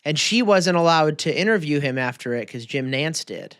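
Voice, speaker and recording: A man's voice: on the high side, animated, normal speed, fairly bright tone, clear, resonant tone, no echo, studio quality. A man co-hosting a sports podcast, chatting casually, swearing freely and laughing often. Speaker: podcast co-host.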